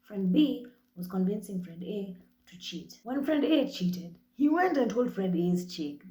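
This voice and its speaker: A young Kenyan woman talks straight into her podcast mic, blunt and cheerfully profane. Her voice sits mellow and a little dark, and the room around her rings with echo. She tells her stories in a lively, animated way. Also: mid-range voice, measured pace, slight background noise. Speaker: podcast host. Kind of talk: casual monologue.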